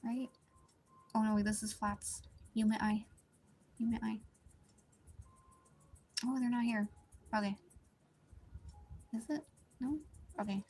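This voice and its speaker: A young woman chatting casually on a live art stream, talking quietly and rambling with many likes and restarts. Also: fairly even intonation, unhurried, pauses often, faint music behind. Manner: speaks quietly at low volume, partly whispering. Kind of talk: casual live-stream chat while drawing.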